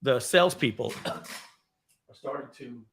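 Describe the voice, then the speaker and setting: A man telling a personal story to a live audience at a party, often clearing his throat and restarting his sentences. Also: medium pitch, moderate pace, fairly bright tone.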